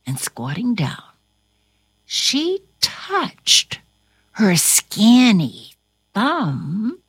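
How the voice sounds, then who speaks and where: Woman reading a storybook aloud, super animated, highish voice, dry close sound. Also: breathy edge, dry recording. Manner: highly expressive, slow and dramatic.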